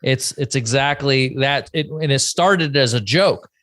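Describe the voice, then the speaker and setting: A man's voice: medium pitch, unhurried, fairly bright tone, no echo, studio quality. A man in his thirties co-hosting a podcast, rambling through stories and cutting himself off mid-thought. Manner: rambling, self-interrupting storyteller. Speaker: podcast co-host. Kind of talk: casual chat.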